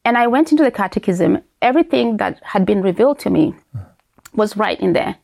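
A woman from Uganda, a guest sharing her faith story in an animated way, with many fillers and restarts. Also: mid-range voice, brisk, vocal fry. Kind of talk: faith testimony conversation.

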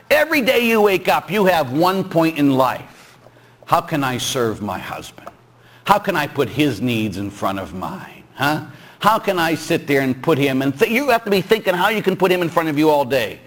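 Animated priest preaching with playful shouts. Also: male voice, fairly high pitch. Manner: animated storytelling, jumps into shouting; teasing, chatty, asks "huh?". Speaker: Catholic priest. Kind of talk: sermon.

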